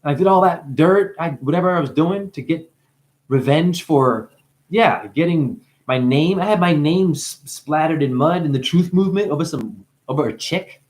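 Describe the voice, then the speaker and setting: A man who is high, talking in a rambling, profane monologue. His voice swings from low mumbling to sudden high exclamations. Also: lively intonation, moderate pace, a little mellow. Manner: profane, playful. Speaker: spiritual video maker.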